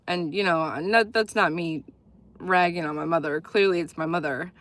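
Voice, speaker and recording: A woman's voice: lowish voice, normal speed, fairly bright tone, no echo. Chatty woman livestreamer, dry sound. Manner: rambling, chatty, laughs often. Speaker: livestream host reading viewer comments. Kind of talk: casual live chat.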